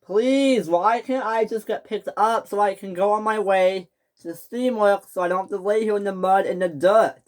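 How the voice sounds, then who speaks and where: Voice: mid-range voice, normal speed, pitched above the performer's own voice, natural voice. A young storyteller voicing a whiny, vain young male steam engine in a homemade toy-train story, pleading and shrieking.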